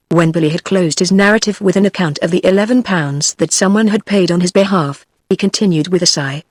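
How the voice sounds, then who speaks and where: A text-to-speech woman's voice with a British English accent, reading a novel aloud in even, machine-paced narration. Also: on the low side, brisk, few pauses, no echo, studio quality. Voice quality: even, machine-read delivery. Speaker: audiobook narrator. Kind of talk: synthetic audiobook narration.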